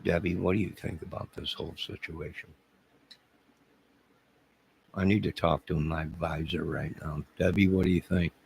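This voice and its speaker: Man, live-stream host, low gravelly voice, crude and sarcastic, rambling. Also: fairly even intonation, moderate pace, long pauses, a little hiss or hum, rough recording. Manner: combative, crude, mocking and sarcastic. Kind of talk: rambling live-stream chat, reading viewer comments.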